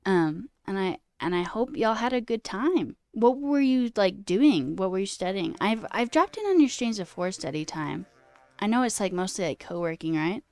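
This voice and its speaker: A woman's voice: lively intonation, moderate pace, darkish tone, no room sound, faint music behind. Chatty self-deprecating woman streamer. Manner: pitch leaps high mid-sentence. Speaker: coding streamer. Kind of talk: casual live-stream chat.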